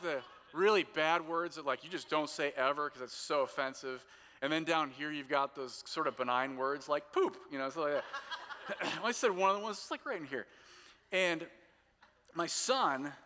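Bright-voiced man in his forties preaching. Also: a little high, big-room sound. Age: 40s. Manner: casual, self-deprecating storytelling. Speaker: pastor. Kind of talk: sermon.

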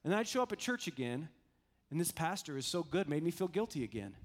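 A man with a notably high speaking voice delivers a sermon to a live audience. He talks earnestly and repeats phrases for emphasis, building intensity and then easing back down. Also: very animated, fast talker. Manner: earnest, repetitive, builds up and drops down. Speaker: preacher.

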